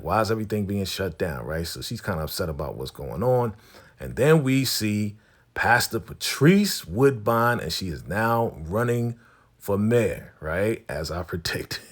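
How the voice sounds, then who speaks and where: Deep husky guy doing a chatty tv recap, keeps saying right? and acts out the lines. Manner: animated, acts out characters' lines with playful voices. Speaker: recap host. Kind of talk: casual TV episode recap.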